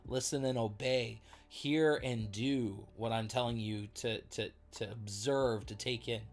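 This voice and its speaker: A man hosting a casual livestream Bible study, chatty and excitable, breaking off to react to viewers. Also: medium pitch, unhurried, soft background music.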